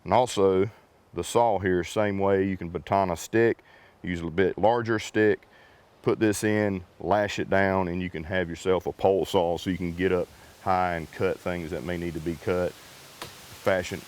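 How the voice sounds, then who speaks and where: A man with a very low voice talks through outdoor gear in a loose, rambling way. He restarts phrases often and keeps a relaxed tone. He is recorded outdoors in the woods on a camera mic that sometimes sits off to the side. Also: measured pace. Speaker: gear reviewer. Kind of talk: casual unboxing vlog.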